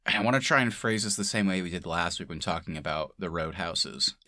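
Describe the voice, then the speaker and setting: A man's voice: low-pitched, fairly quick, pushed and bright, no room sound, studio quality. A man co-hosting a casual movie-review podcast, laughing often and swearing freely as he chats. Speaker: podcast co-host.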